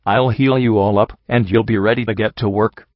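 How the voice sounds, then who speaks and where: A man voicing a smooth-talking male unicorn slaver who coaxes prisoners in a falsely reasonable tone. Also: lowish voice, steady tone, normal speed, no echo, dull audio, natural voice. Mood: coaxing.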